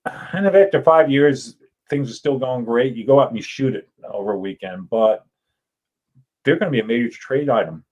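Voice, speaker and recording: A man's voice: medium pitch, moderate pace, highs cut off. An older man, an author and guest, telling stories in casual talk and acting out the voices in them. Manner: animated, acts out voices in anecdotes. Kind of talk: casual storytelling.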